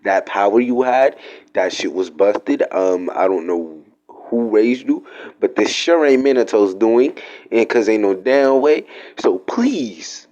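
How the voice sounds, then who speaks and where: A man's voice: fairly low pitch, animated, slow pace, a little mellow, lo-fi sound. A man voicing a dying male villain who begs weakly from a sickbed, in a fan-made story. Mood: weak pleading. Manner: weak, breathless begging.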